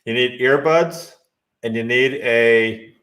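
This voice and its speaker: A man's voice: mid-range voice, slow, fairly bright tone. A man in his sixties hosting a casual podcast interview, asking questions and ribbing his guest with blunt humor. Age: 60s. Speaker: podcast host.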